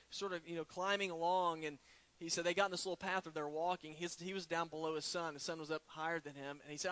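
Male pastor, higher bright voice, dry close sound; conversational sermon full of rhetorical questions. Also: dry recording. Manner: conversational preaching with rhetorical questions and retold stories.

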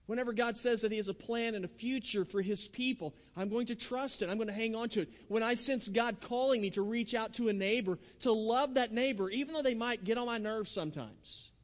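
A pastor delivers a sermon in an earnest voice, tripping over the first words of a phrase before pressing on. His voice sits high for a man. The sound rings with the long reverb of a large hall. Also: a little fast, few pauses. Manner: earnest, repeats words when starting phrases.

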